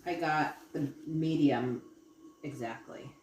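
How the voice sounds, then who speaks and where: A woman playing a tabletop game, quietly reporting her rolls and actions. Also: low voice, steady tone, slow. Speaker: player. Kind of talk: casual tabletop play. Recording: distant roomy mic with noise.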